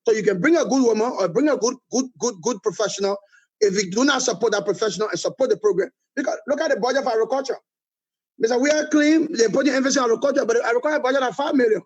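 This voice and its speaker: A man's voice: very high voice, breathy edge, dull audio. A middle-aged man with a Liberian accent, answering interview questions with emphatic political criticism, hammering points by repeating them. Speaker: political movement leader, guest.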